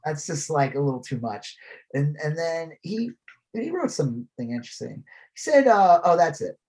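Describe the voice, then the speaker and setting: A man co-hosting a podcast, talking in a blunt, animated, rambling way with plenty of swearing. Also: a little high, normal speed, husky, poor audio. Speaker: podcast co-host. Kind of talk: casual political chat.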